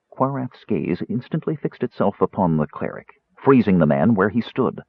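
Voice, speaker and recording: A man narrating a fantasy audiobook in an expressive, scripted style, on a tinny, dry recording. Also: on the low side, moderate pace, gravelly, husky, no echo. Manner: expressive, voices characters.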